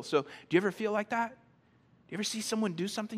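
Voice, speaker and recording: Male pastor, conversational sermon, a little high-pitched, animated and repetitive in his phrasing. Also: fast talker. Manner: animated, acts out quoted reactions in a higher voice; conversational, repeats words when starting sentences.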